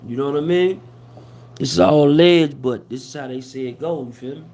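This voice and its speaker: A man's voice: a little high, steady tone, normal speed, very noisy. A man hosting a casual livestream, talking loosely with lots of slang and fillers. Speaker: host of a hip-hop gossip livestream.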